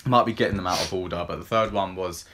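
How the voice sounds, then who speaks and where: A fairly low-pitched man chats casually as a podcast co-host, talking through films he has seen. He rambles, leans on ums and likes, and retells scenes in plain everyday language. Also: quick pace, background noise. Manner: rambling and filler-heavy, lots of ums and likes. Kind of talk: casual chat.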